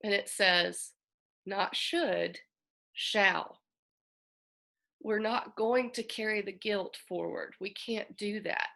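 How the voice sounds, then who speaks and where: A woman astrologer talking earnestly and reflectively, with a bright, forward tone and a gravelly edge of vocal fry. Her casual delivery carries open emotion. She sounds like a host speaking straight to her listeners. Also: medium pitch, a little slow, hardly any pauses. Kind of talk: casual spoken astrology talk.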